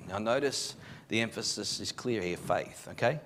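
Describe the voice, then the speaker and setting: A man, a pastor preaching a live sermon in church, telling the story with emphatic, animated delivery and frequent restarts. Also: on the low side, moderate pace, background noise. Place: church service.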